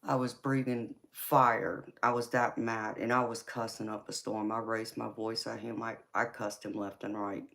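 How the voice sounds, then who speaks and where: A woman hosting a live stream, casually telling a personal story in an animated way, swearing freely and laughing as she talks. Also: a bass voice, moderate pace, vocal fry, few pauses. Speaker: tarot reader and live stream host.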